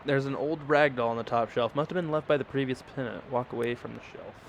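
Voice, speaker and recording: A man's voice: medium pitch, steady tone, fast, vocal fry, slight background noise. Joking man reading game text aloud. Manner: reads dialogue in mock old English, swears, jokes. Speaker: gaming YouTuber.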